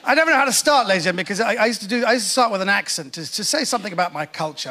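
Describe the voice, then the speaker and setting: A man's voice: high-pitched, lively intonation, rapid-fire, few pauses. A man from Iran doing a chatty, self-mocking stand-up routine with punchy delivery. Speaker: stand-up comedian. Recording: loud live crowd and noise on stage.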